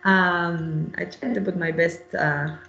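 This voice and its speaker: A woman's voice: fairly low pitch, steady tone, slow pace, creaky, fairly bright tone, roomy sound, lo-fi sound, faint music behind. A woman researcher presenting in a webinar, speaking hesitantly with many fillers and restarts.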